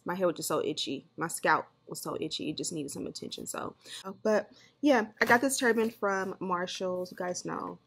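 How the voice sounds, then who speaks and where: A woman's voice: moderate pace, gravelly, breathy edge. A woman and mom chatting candidly to her viewers in a casual vlog. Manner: chatty and candid, with lively jumps in pitch. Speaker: vlogger and mom. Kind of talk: casual vlog chat to camera.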